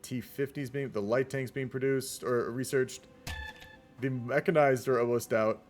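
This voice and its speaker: A man's voice: medium pitch, fairly even intonation, a little slow, faint music behind. A young man giving casual, rambling commentary on a multiplayer strategy game, often saying "y'all". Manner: chatty, rambling, says "y'all". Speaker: game caster.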